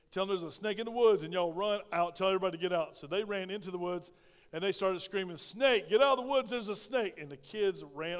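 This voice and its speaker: A middle-aged pastor preaches with a folksy, emphatic delivery and keeps calling out for amens. His voice sits high for a man. The sound rings with a long reverb from the church sanctuary. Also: clear, resonant tone. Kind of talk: sermon.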